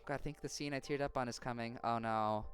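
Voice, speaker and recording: A woman streamer reading a visual novel aloud, quick and expressive, reacting emotionally along the way. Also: a bass voice. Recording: game music behind.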